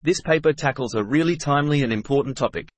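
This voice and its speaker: A man's voice: mid-range voice, fast, no echo. Male podcast co-host, mid-range voice, dry and close, upbeat scripted read. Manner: upbeat, polished scripted delivery.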